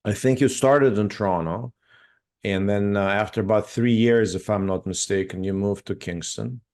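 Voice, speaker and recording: A man's voice: fairly low pitch, normal speed, darkish tone. A man hosting an interview, asking long, winding questions and laughing along with his guest.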